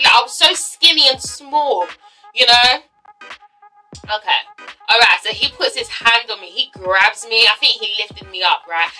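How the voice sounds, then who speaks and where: A young woman from Ghana tells a childhood story straight to her viewers, loud with feeling and full of swearing. Her voice sits high and sounds very bright. Soft music plays faintly under her. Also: poor audio. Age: young adult. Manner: animated, swearing, addresses viewers as guys. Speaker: vlogger. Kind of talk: storytime vlog.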